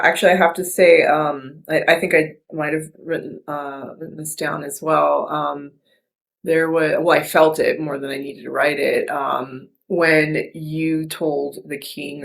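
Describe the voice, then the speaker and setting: A woman hosting a podcast, reflecting in casual chat, soft and earnest, with many restarts and fillers. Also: sits low, vocal fry. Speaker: podcast host.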